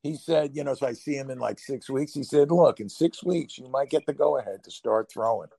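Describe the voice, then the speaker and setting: Brisk and mid-range, this New Yorker's gravelly, husky voice carries a Brooklyn accent through rambling podcast banter as a co-host. He laughs often and raises his voice when excited; the recording is close and dry, without echo.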